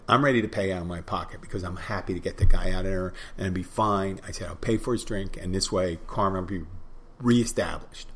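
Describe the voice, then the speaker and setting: Low-voiced man telling a rambling story. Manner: rambling, repeats phrases, acts out both sides of dialogue. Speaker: podcast host, bartender. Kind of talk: casual storytelling monologue.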